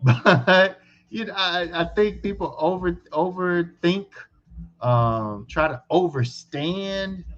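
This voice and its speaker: A man's voice: high voice, takes it slowly, a bit bright, highs cut off. Earnest man preaching open-mindedness. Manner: earnest, preachy, emphatic repetition. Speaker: co-host. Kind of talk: casual discussion.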